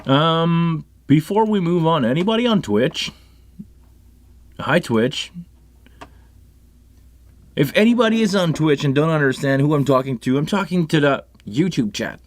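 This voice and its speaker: A man's voice: fairly high pitch, lively intonation, unhurried, pauses often, no echo. A man with a French Canadian accent hosting a casual live stream about sound gear, chatting in a rambling way with many restarts and asides. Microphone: live microphone on a console setup.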